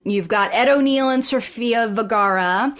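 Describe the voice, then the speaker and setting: A woman co-hosting a podcast in casual chat about sitcoms, animated and acting out quoted lines. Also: a little high, a little slow. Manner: animated, acts out quoted lines in big voices. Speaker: podcast co-host.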